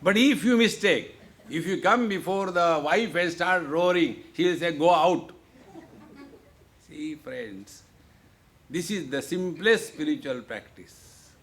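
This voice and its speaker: Man, spiritual teacher, slightly raised pitch, playful joking talk, unhurried delivery. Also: expressive, fairly bright tone. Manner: jovial, repeats "see, friends", playful asides. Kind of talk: humorous spiritual discourse. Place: lecture hall.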